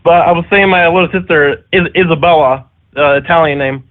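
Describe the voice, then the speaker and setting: A man calling into a radio show, telling a story in a hesitant way with plenty of uhs. His voice sits a bit high and comes through a thin phone line. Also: brisk. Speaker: caller.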